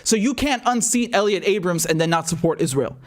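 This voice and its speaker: A man's voice: high voice, a little fast. A man reacting to political clips with profane, incredulous and mocking commentary. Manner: incredulous and mocking, swears often.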